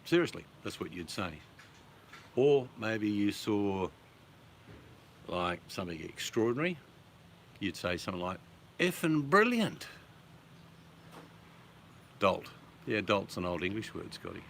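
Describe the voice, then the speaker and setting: An Australian man with a very low voice chats casually with his viewers, relaxed and talkative, throwing in swear words without a second thought. A faint hiss of background noise sits under his voice. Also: normal speed, gravelly, pauses often.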